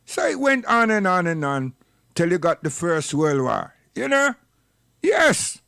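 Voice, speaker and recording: Man with a high voice, preachy and scolding, dry close sound, for a livestream rant. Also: big pitch swings, measured pace, vocal fry, sharp tone, clean tone, no room sound. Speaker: livestream commentator. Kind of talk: impassioned livestream monologue.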